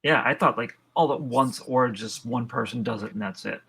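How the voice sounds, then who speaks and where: A man's voice: medium pitch, moderate pace, vocal fry, a bit bright, husky. A man co-hosting a podcast, casually recapping a horror film's plot with dry, laid-back jokes. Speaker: podcast co-host. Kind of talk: casual film review chat.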